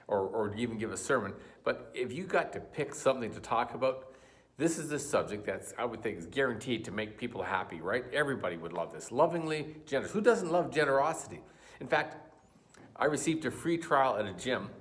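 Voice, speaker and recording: A man delivers a church sermon in an easygoing storytelling way. He trips over words now and then, with restarts and fillers. His voice sits at an ordinary middle pitch. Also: fairly bright tone. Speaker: pastor.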